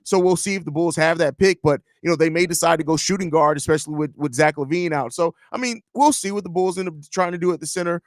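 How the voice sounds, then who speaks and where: A man's voice: on the high side, fast talker, hardly any pauses, no room sound, studio quality. A man in his thirties hosting a live sports podcast, chatting loosely and telling jokey stories with swearing. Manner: loose, joking, storytelling with swearing. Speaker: podcast host. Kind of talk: casual live-stream chat.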